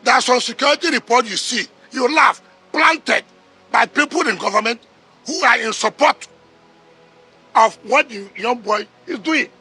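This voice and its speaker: Combative Nigerian man, high and sharp. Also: slightly rough, soft background music. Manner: combative, rapid rhetorical questions, repeats words. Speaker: politician interviewee. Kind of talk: heated interview answers.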